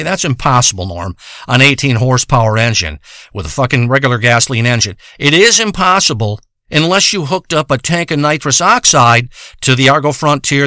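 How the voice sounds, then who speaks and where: A man with a slightly high, bright and forceful voice spins a rambling comic monologue. He swears freely and meanders from tangent to tangent, circling back on himself as he goes. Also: dry recording, studio quality. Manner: profane, rambling, meandering storytelling.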